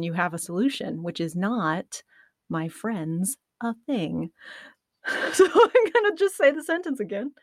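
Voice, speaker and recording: The recording is dry: a woman with a mid-range voice, a podcast host, working through outtakes at a computer studio mic. Her nerves and dry mouth show as she giggles, mocks herself and restarts again and again, narrating her own flubs.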